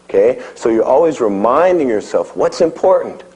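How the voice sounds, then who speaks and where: A man's voice: medium pitch, sing-song, moderate pace, darkish tone, low-quality recording. A middle-aged man teaching a martial arts class, calling out drills to his students and often checking in with "okay?". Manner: coaching, calls out drills, frequent "okay?". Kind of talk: live instruction to a class.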